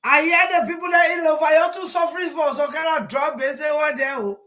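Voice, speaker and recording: A woman, hosting a casual live stream and greeting viewers one by one in a rambling way, with sudden loud bursts. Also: high-pitched, steady tone, fast talker.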